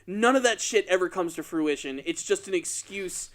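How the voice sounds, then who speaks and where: A man co-hosting a casual podcast, retelling a story with lively energy and putting on quick voices for the characters. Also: sits high. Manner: animated storytelling, acts out quoted lines in exaggerated voices. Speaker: podcast co-host.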